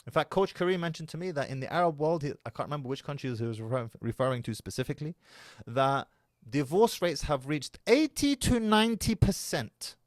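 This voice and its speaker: A man's voice: fairly high pitch, lively intonation, brisk, no echo, clean studio sound. A man, giving casual, emphatic commentary as a reaction video host. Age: 30s. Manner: emphatic, preachy.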